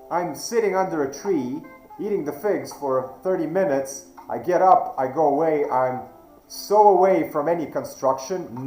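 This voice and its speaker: A man, not a native English speaker, telling a personal story slowly and deliberately, with hesitant restarts. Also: a little high, darkish tone, reverberant, rough recording. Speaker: channel host. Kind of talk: reflective storytelling monologue.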